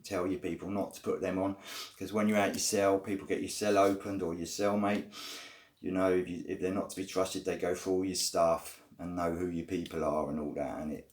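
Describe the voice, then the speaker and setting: A man, telling his own prison stories in loose, rambling casual talk, full of fillers and blunt swearing. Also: deep voice. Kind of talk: casual first-person storytelling.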